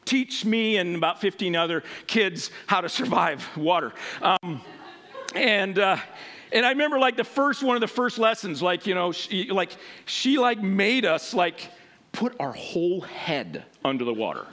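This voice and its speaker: A man preaching a sermon, telling a personal story in an animated way and acting out voices. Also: sits high, normal speed.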